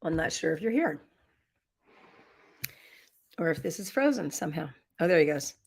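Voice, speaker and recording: Leading a live online workshop on a computer mic, this middle-aged woman shares a personal story with warmth and plenty of laughter. She speaks at normal speed in a fairly low, lively voice that is creaky with a breathy edge, leaving long pauses.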